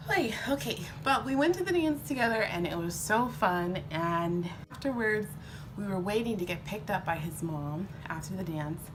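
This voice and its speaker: A young beauty vlogger does her makeup while telling a sweet love story, her mid-range voice lively in intonation at a moderate pace, with background noise and faint music. She's casual and emotional, teary, now and then breaking into whispers and laughs.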